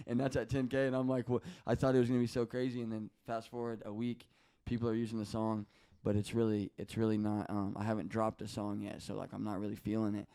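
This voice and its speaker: A young man with a low, gravelly voice talks loosely as a podcast guest. His words come out smooth and clear. He is animated, curses freely and slips into other people's voices as he tells his story. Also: quick pace, hardly any pauses. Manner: animated, swears often, acts out quoted voices. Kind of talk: casual storytelling interview.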